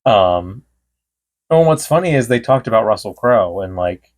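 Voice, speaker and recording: Man, podcast co-host, casual rambling chat, lowish voice. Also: expressive, normal speed, darkish tone. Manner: rambling storyteller, quotes people in bits.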